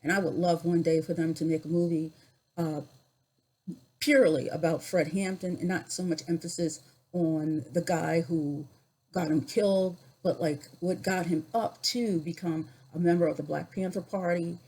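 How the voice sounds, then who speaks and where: A woman in her sixties telling personal stories in a vlog, reflective and unhurried, with pauses and restarts. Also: fairly low pitch, steady tone, mellow, breathy edge, rough recording. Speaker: YouTuber.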